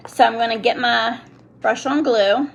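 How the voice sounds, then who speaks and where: A middle-aged woman with a fairly high voice explains each step casually and keeps breaking off mid-sentence. She talks straight to her viewers. Faint household noise sits behind her. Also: fairly even intonation, a little slow, vocal fry. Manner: chatty, self-interrupting, talks to viewers and kids. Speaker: nail product seller demonstrating on a live stream. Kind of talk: casual live demonstration.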